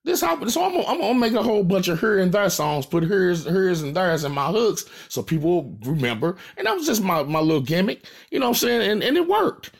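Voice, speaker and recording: A man from St. Louis speaks in a casual, profane rant with a slightly raised pitch and a husky edge. His voice swings widely as he stresses and repeats his points. He has a St. Louis accent. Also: very animated, a little fast, few pauses. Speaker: rapper. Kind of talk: casual direct-to-camera rant.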